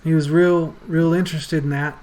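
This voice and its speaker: A man narrating a tabletop game as game master, relaxed and halting. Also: fairly high pitch, low-quality recording. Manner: relaxed, halting, many fillers.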